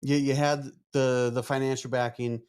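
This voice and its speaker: A man's voice: mid-range voice, flat delivery, moderate pace, a little mellow, smooth. A man hosting a podcast interview who talks casually, rambles, restarts his sentences often and swears freely. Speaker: podcast host.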